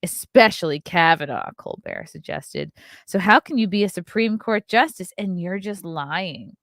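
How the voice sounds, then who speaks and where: A woman's voice: fairly low pitch, animated, normal speed, fairly bright tone, no room sound, studio quality. A woman hosting her own show, reading news stories aloud and breaking off for sarcastic, profane, scornful asides. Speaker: host.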